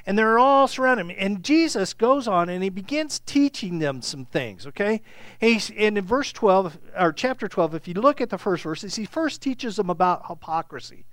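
A Bible teacher leads a small group through a passage in an easy, conversational way, with a lively voice that swings widely in pitch. The teacher keeps checking in with the listeners and acts out the scripture dialogue. The sound is dry and close, with almost no room echo. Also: normal speed.

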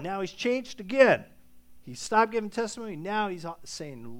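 Animated, high-voiced preacher thinking aloud. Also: male voice, moderate pace. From Irish ancestry. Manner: conversational, repeats words while thinking aloud; reads scripture with rising intensity. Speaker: pastor. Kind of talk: sermon.

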